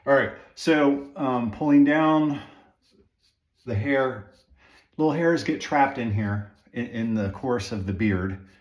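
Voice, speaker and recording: The audio sounds dull as a man with a medium-pitched voice slowly walks viewers through a home beard trim. As a grooming vlogger, he rambles casually with fillers and asides, and the room is echoey.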